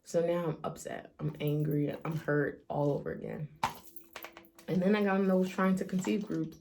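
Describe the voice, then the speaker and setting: Tearful woman vlogger, low-pitched. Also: fairly even intonation, normal speed, warm tone, a little hiss or hum. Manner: emotional, heartfelt, confiding. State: near tears. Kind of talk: personal vlog confession.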